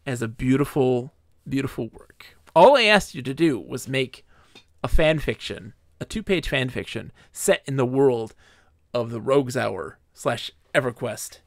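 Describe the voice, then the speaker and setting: A male streamer who reads with theatrical, mock-grand flair and then slips into casual chat. His voice carries a gravelly edge. The sound is dry and close on a desk microphone. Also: mid-range voice, animated, measured pace, no room sound.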